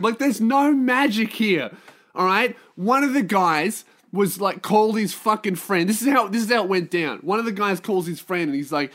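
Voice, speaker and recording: A man's voice: high-pitched, moderate pace, a bit bright. Sweary man ranting. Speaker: podcast host. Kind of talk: solo podcast rant.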